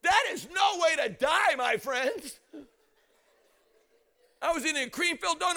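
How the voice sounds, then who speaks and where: A man preaching an energetic storytelling sermon, often shouting, acting out quotes and laughing. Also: extremely high pitch, normal speed, creaky, long pauses.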